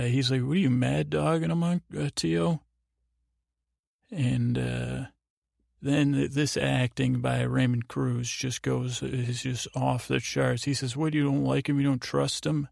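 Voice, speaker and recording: A man hosting a sleep podcast, recapping a TV episode in a meandering, unhurried way, full of filler sounds and restarts. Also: medium pitch, vocal fry, a little mellow, dry recording, studio quality. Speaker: podcast host.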